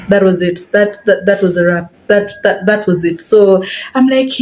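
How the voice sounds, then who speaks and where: A woman's voice: mid-range voice, normal speed, reverberant. A young woman with a Kenyan accent telling a casual storytime while getting ready, talking chattily and acting out what people said. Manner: chatty, animated, acts out quoted lines with laughter. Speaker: vlogger. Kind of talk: casual storytime while doing her hair.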